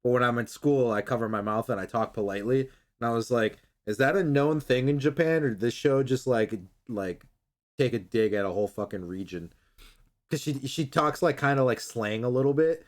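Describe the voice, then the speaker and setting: Talking fairly quickly in a mid-range voice, a man recaps an anime episode in relaxed conversation. He swears without restraint and plays out the characters' lines.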